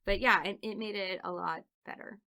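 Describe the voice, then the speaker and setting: A woman in her thirties, a podcast guest, telling funny stories in an animated way and laughing often. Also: medium pitch, normal speed. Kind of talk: casual storytelling interview.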